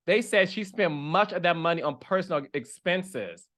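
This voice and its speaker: A man hosting a reality TV commentary show, talking in an animated, chatty way with dramatic asides. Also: high-pitched, moderate pace. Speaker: reality TV commentator and podcast host. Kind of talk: casual chat.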